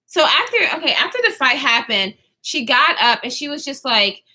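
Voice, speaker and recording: Animated high-voiced young woman vlogger. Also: normal speed. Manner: animated, laughing, swearing, acts out quoted voices. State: out of breath at times. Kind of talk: storytime vlog.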